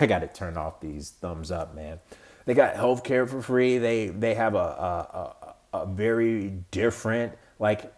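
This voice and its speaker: A man's voice: medium pitch, darkish tone. A man from the United States giving casual, exasperated political commentary as a podcast host, rambling with slang and frequent restarts.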